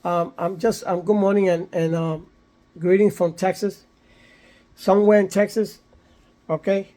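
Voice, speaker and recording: High-voiced man rambling and preaching. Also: fairly even intonation, normal speed, mellow. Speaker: vlogger. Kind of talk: casual vlog monologue with moral lecturing. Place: somewhere in San Antonio, Texas.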